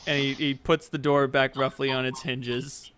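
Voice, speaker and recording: A man's voice: medium pitch, flat delivery, normal speed, fairly bright tone, a little hiss or hum. A young man narrating a tabletop game as game master, in a casual, rambling way with many fillers.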